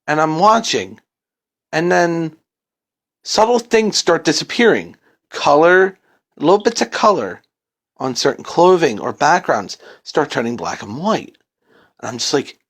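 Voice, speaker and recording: Brief: male horror narrator, slow and drawn out, lively swings in pitch, casual and profane. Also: slightly rough. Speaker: storyteller. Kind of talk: first-person creepypasta narration.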